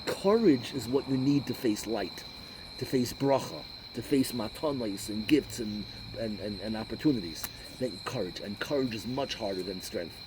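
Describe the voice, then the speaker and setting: A rabbi preaching an animated sermon, sprinkling Hebrew and Yiddish terms through his English. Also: lowish voice, normal speed, noisy background.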